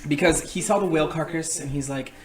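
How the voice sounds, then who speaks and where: A young man, a father, telling a lively anecdote in a casual chat and acting out his small son's questions. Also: on the high side, quick pace. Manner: animated anecdote-telling, acts out a child's questions. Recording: roomy sound with crowd chatter.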